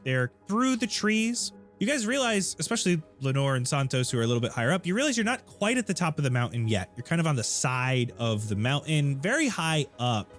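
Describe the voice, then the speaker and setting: A man serving as game master, describing scenes with lively narration and wide swings in pitch. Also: a little fast, few pauses, soft background music.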